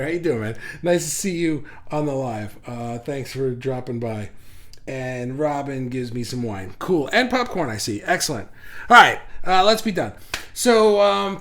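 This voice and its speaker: A middle-aged man hosting a casual livestream, reading out viewer comments in an energetic, animated way, often restarting his sentences. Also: on the high side. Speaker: livestream host.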